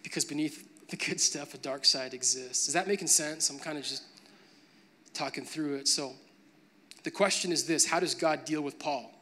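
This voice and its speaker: A man's voice: fairly high pitch, normal speed, bright, forceful tone, a little hiss or hum. A man preaching a sermon, moving from a conversational tone to emphatic, building preaching. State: briefly choked up with emotion.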